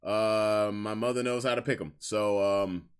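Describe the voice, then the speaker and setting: A man's voice: fairly low pitch, fairly even intonation, a little slow, clear, resonant tone. A young man hosting a casual podcast stream, talking candidly in slang and repeating lines for emphasis. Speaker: podcast host. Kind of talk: casual livestream chat.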